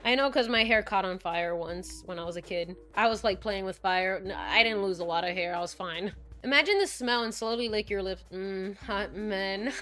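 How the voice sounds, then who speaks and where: A woman's voice: medium pitch, a little fast, hardly any pauses, a bit bright, faint music behind. A woman playing a visual novel aloud, reading and reacting in a playful, flirty, giggly way. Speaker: let's-play host.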